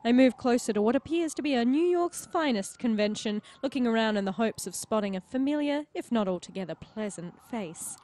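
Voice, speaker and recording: A woman's voice: a little high, animated, fairly quick, hardly any pauses, a little mellow. Woman narrating a game aloud. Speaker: player reading the game aloud. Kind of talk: narrating a visual novel playthrough.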